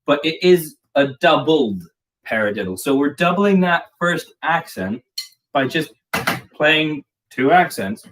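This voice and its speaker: A man giving a casual live drum lesson, explaining patterns in a chatty way with plenty of fillers. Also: fairly high pitch. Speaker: drum teacher. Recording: distant mic with clear background noise.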